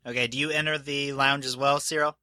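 A man runs a tabletop game in a casual, laughing way. His voice is bright and sharp, and the recording is dry and close. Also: mid-range voice, little pitch movement, a little fast, no room sound. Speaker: game master.

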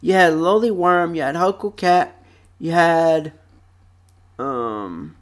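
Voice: mid-range voice, expressive, takes it slowly. Rambling young vlogger on a close mic. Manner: rambling, with many fillers and repeated phrases. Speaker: vlog host. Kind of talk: casual chat about childhood TV shows. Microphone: close microphone.

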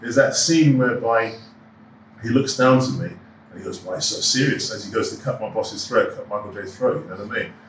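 A man's voice: lowish voice, fairly quick, recorded from a distance, a little hiss or hum. A middle-aged man races through his stories, voicing each quoted line with energy. He sits back from the mic in a roomy, echoing space. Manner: animated storyteller who acts out quoted dialogue. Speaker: actor and producer, guest. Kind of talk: anecdotal interview chat. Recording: echoey room, voice off-mic.

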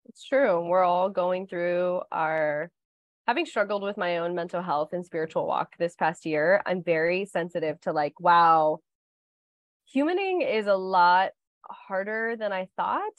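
A woman's voice: on the low side, animated, unhurried, dry recording, muffled recording. A woman co-hosting a podcast, reflective and earnest, affirming her co-host in casual chat.

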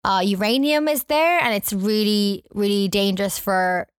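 A woman's voice: mid-range voice, moderate pace, clear, resonant tone, no echo, studio quality. A woman casually chatting about a film, giggling and acting out lines. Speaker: podcast co-host. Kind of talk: casual movie review chat.

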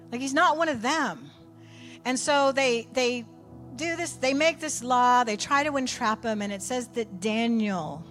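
A woman preaching a sermon, telling a story with animated swings from quiet asides to near shouts. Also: a little high.

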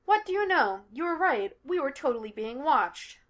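A woman's voice: on the high side, lively intonation, moderate pace, close to an everyday voice. A woman voicing a playful young male detective who talks in a teasing, breezy way, in a read-aloud story.

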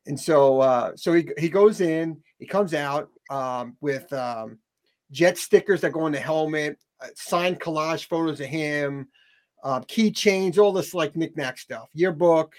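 Speaking at a measured pace, this middle-aged man relates a story in a relaxed interview. He's animated, mimics the people he quotes, and restarts often. His pitch leans toward the high side.

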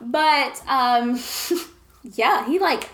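A young woman with a high voice co-hosting a casual gossip podcast. She tells stories animatedly and swears freely. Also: drawn-out words, a bit bright, slight background noise. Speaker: podcast co-host.

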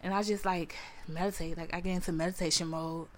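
A woman's voice: on the low side, fairly even intonation, quick pace, a little hiss or hum. Earnest young woman sharing her testimony. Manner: earnest, repetitive, calls listeners honey. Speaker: podcast host. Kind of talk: personal testimony to a live audience.

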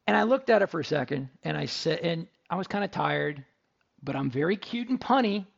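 A middle-aged man hosts a radio talk show, telling stories in a chatty, joking way. His voice sits high and has a gravelly rasp. The recording sounds a little dull and lo-fi. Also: lively intonation, a little fast. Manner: chatty, jokey storyteller. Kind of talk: casual radio talk and ad read.

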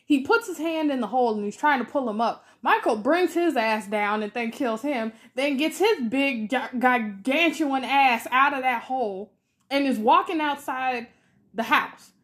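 Brief: 20s woman, podcast co-host, rambling casual review, higher-pitched voice, filler-heavy. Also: lively intonation, moderate pace, a bit bright. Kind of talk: casual film review chat.

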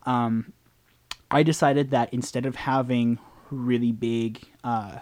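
A man's voice: mid-range voice, steady tone, slow, a little mellow. A man in casual chat, a game master talking about his games in a hesitant, rambling way with many restarts.

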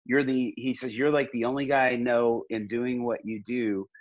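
A man's voice: medium pitch, little pitch movement, normal speed, dull audio. A middle-aged man, a pastor and podcast guest, talking earnestly in casual conversation, with many restarts.

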